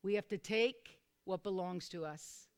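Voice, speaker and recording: A woman preaching a sermon to a small group, repeating phrases and calling for responses, sometimes bursting into loud, fervent exclamations. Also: mid-range voice, unhurried, clear, resonant tone. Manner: repetitive, calls for responses from listeners.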